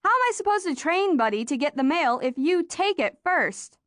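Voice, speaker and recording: Lady reading as a young boy, earnest and coaxing, high voice, dry close sound. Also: big pitch swings, moderate pace, a bit bright, no echo. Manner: earnest, encouraging. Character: patient, playful young boy training his dog. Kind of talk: audiobook character voice.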